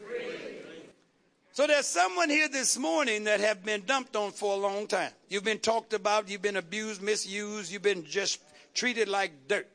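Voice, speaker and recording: A man's voice: sits high, moderate pace, vocal fry, bright, forceful tone. A man preaching a sermon as pastor, with rhythmic repetition and call-and-response questions to the congregation.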